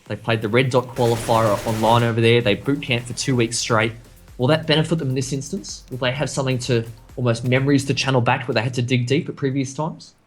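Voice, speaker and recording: Fast-talking male esports caster. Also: mid-range voice, fairly even intonation, soft background music. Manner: quick, chatty and self-deprecating. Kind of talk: esports commentary.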